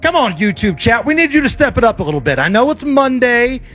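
A man's voice: very high-pitched, big pitch swings, fast talker, fairly bright tone, husky, faint music behind. A man co-hosting a sports talk radio show in a radio studio, hyped and enthusiastic.

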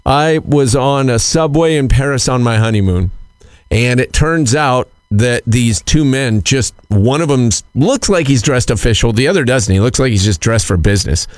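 A man telling a story on a chat show, acting out what the other people said. His voice sits at an ordinary pitch and sounds dry and close. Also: normal speed, dry recording. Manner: animated storyteller acting out quotes.

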